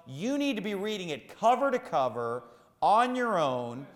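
A man's voice: high voice, sing-song, normal speed, big-room sound. A man preaching a sermon as pastor, emphatic and repeating key phrases for stress.

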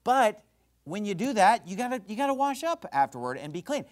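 A man preaching a sermon as pastor, fiery and emphatic, swinging between loud bursts and quiet asides. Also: sits high, big pitch swings, brisk.

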